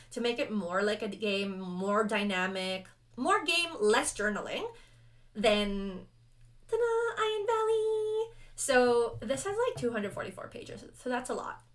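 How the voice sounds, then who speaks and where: A young adult woman chatting casually and rambling through rules as she sets up a solo tabletop roleplaying game, animated and self-deprecating. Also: medium pitch. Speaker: solo roleplayer and video host. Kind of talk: casual actual-play chat.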